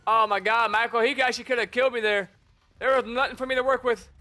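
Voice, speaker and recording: Male streamer, very high and piercing voice, chatty and teasing in casual gameplay commentary. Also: steady tone, fast talker, pushed and bright. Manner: chatty, teasing taunts at opponents. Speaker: gamer streamer.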